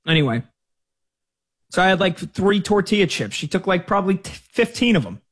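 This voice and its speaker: A man's voice: sits high, big pitch swings, fairly quick, a bit bright, husky. A man hosting a sports talk radio show, telling stories with jokey mock outrage.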